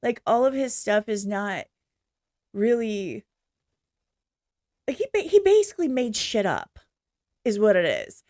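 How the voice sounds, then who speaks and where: A woman gives casual, unscripted reaction commentary, trailing off and restarting as she airs blunt opinions. Her voice sits fairly high. The sound is dry, with no room echo. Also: sing-song, a little mellow. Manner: rambling, halting, bluntly opinionated. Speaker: reaction channel host.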